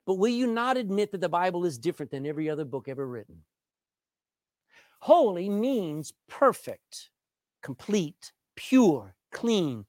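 A man preaching with a voice that leaps up and down in pitch, pausing for effect and stretching key words. The sound is close and dry. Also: a little mellow, no echo. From Texas. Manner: emphatic, with dramatic pauses and drawn-out words. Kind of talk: sermon.

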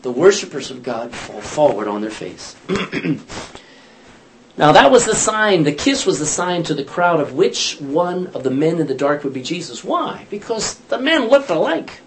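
Lively, animated man teaching scripture. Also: a little high, measured pace, slight background noise. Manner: animated, chatty storytelling with self-corrections and laughs. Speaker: Bible study teacher. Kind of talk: informal Bible study teaching.

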